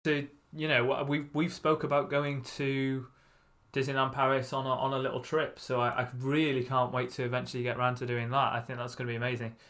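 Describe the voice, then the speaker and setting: A man's voice: mid-range voice, flat delivery, a little fast, a bit bright. A man co-hosting a podcast, talking casually with frequent restarts. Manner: chatty, stumbling restarts. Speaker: podcast co-host.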